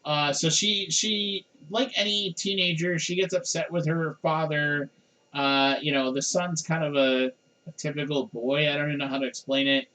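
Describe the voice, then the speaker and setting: A man's voice: on the high side, moderate pace, poor audio. Rambling middle-aged man chatting on a podcast. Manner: rambling, animated, chuckles often. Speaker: podcast host. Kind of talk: casual chat.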